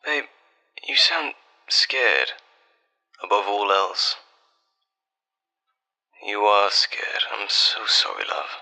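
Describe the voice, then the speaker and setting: A man in a whispered role-play as a boyfriend on a late-night call, soft, tender and reassuring, with breathy whispering. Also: on the low side, animated, drawn-out words, pauses often, low-quality recording. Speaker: ASMR artist.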